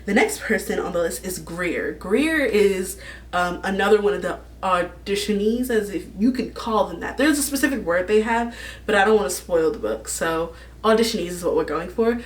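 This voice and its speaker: A woman's voice: mid-range voice, animated, moderate pace, distant mic, faint music behind. A young woman vlogging in a casual, rambling, gushing way, laughing often as she talks about a book's characters. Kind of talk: casual fan casting chat.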